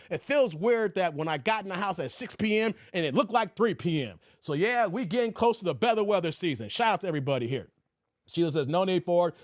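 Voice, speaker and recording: A man's voice: no room sound, studio quality. A man hosting a casual live stream from home, telling stories and acting out quotes in a raised voice. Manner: animated storytelling, voices his quotes high and loud.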